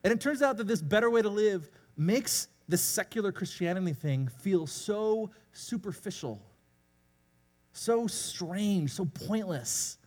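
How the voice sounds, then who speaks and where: Male pastor, casual confessional sermon, animated delivery, big church reverb. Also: high voice, measured pace. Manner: candid, self-deprecating, conversational preaching. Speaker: youth pastor. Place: church sanctuary. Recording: long hall reverb.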